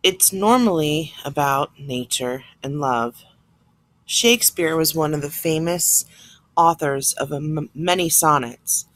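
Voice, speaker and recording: A woman's voice: deep voice, a little slow, a bit bright, no room sound. A woman teacher explaining a lesson plainly, step by step, recorded on a computer mic. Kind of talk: classroom lesson recorded on screen.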